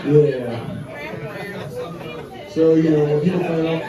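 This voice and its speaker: A man's voice: a little high, fairly even intonation, takes it slowly, lo-fi sound. Young guy doing standup, swearing a lot, echoey club, mic kinda far, crowd laughing. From Wisconsin. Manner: crude, profane storytelling with audience laughter. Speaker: stand-up comedian. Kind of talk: stand-up comedy set. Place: comedy club stage. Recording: roomy club sound from a distance, crowd laughter.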